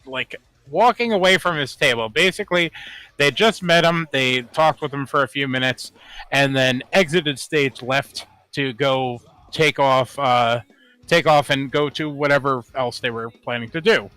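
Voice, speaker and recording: Bright-voiced man recounting stories. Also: medium pitch, a little slow, clear, resonant tone, dry recording. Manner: animated recounting, frequent "like" fillers. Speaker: podcast co-host. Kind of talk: casual chat.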